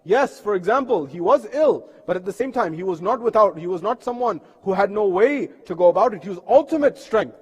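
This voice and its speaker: A man delivers an impassioned sermon in a mosque, his high-set voice carrying through a long, ringing hall reverb. He swells loud when he chants verses of poetry and sinks low and quiet through the laments. It sounds like a live stream from the prayer hall. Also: expressive, a little fast, few pauses, breathy edge. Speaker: preacher. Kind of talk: sermon with recited Urdu poetry.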